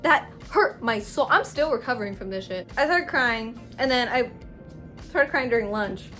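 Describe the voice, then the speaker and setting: A young adult woman telling a story-time vlog in a slangy, animated way, with big swings in loudness. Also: on the high side, moderate pace, faint music behind. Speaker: vlogger.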